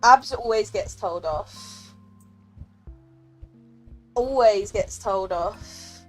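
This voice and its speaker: A woman's voice: mid-range voice, extremely slow, pauses often, faint music behind. A young woman streaming a game, chatting casually and emotionally with her viewers, giggling and thanking them often. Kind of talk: casual live-stream chat.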